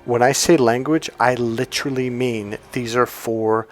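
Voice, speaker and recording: Animated man coaching. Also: mid-range voice, a little slow, soft background music. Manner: animated storyteller, acts out quoted voices. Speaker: relationship and communication coach. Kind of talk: motivational teaching talk.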